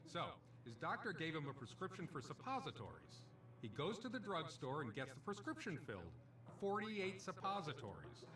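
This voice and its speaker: Cheesy lounge comic, high lively voice, far off on an echoey stage w faint hiss. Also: male voice, normal speed. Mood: brash. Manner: punchy joke delivery with comic character voices. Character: cheesy male casino stand-up comic, brash. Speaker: stand-up comedian in a game. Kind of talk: stand-up comedy routine.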